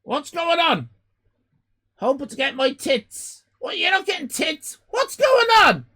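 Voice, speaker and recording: An Irish man in his fifties hosting a live stream, loud and exclaiming, swearing and joking as he reacts to chat. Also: very high-pitched, expressive, a little slow. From Ireland. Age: 50s. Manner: loud, exclaiming, swears and jokes, rambling restarts.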